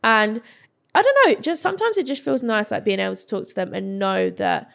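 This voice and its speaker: A woman's voice: medium pitch, brisk, creaky, fairly bright tone. A young woman in her twenties, chatting casually as a podcast guest, giggly and full of fillers. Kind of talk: casual chat.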